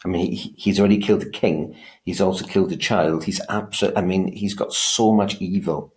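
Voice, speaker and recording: A man's voice: low voice, steady tone, fairly quick. A male teacher giving a revision lecture, talking emphatically and often restarting and repeating his words as he explains.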